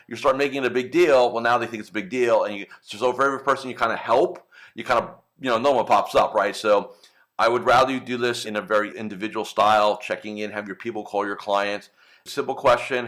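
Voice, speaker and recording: A man's voice: mid-range voice, fairly bright tone. A man hosting a coaching show for financial advisors, talking casually and acting out client phone calls, with frequent tag questions. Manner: conversational, frequent "right?" and "okay?" tags, acts out client calls. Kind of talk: casual coaching talk to camera.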